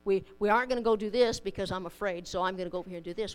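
Smooth-voiced woman preaching a sermon. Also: medium pitch, rapid-fire, low-quality recording. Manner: conversational, with homely anecdotes and humor. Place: church in front of a congregation.

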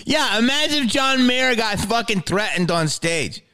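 A man's voice: very high-pitched, lively intonation, normal speed, hardly any pauses, pushed and bright, slight background noise. A male comedian and podcast host delivering a heated, profane, exasperated rant.

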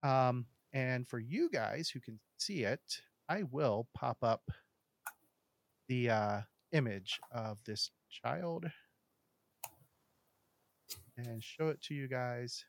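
A man running a tabletop game as game master, describing scenes in a steady narrating voice with casual asides to the players. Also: medium pitch, slow, vocal fry.

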